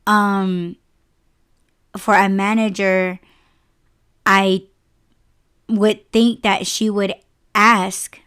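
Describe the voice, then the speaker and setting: A woman's voice: mid-range voice, flat delivery, drawn-out words, pauses often, fairly bright tone, smooth. A young woman hosting a podcast, telling a personal work story casually and emotionally, with many fillers and restarts, close to tears. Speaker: podcast host.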